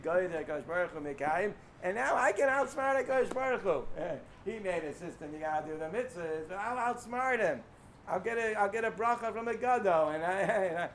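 A man teaching a casual Torah lecture, animated and asking rhetorical questions, with frequent restarts. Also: high voice, a little hiss or hum.

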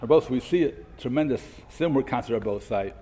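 A man's voice: mid-range voice, lively intonation, fast, mellow, a little hiss or hum. A man teaching a Torah lesson, quoting Hebrew texts and explaining them in English with many questions. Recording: echoey hall.

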